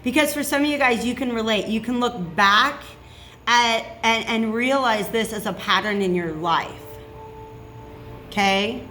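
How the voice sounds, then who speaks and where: A woman's voice: on the high side, measured pace, sharp tone, soft background music. A woman giving a casual tarot reading, chatty and reassuring, checking in with "okay?" often. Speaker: tarot reader.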